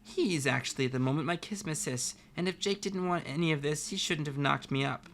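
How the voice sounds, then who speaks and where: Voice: medium pitch, brisk, natural voice. A reader doing a dramatic read-aloud as a formal, condescending woman. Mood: icy. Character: prim, controlling woman, icy and formal.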